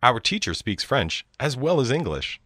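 A man reading short example sentences slowly and carefully for a language lesson. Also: mid-range voice, sing-song, sharp tone, dry recording, clean studio sound. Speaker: sentence reader.

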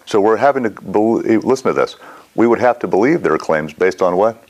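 A man's voice: fairly low pitch, moderate pace. A middle-aged man teaching a mindfulness class in a casual, rambling way, often quizzing his students. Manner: rambling, animated, asks the class questions.

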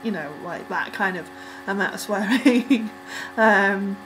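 A young woman casually reacting to a music video, rambling with lots of ums and likes and breaking into excited squeals. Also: mid-range voice, slow, rough recording.

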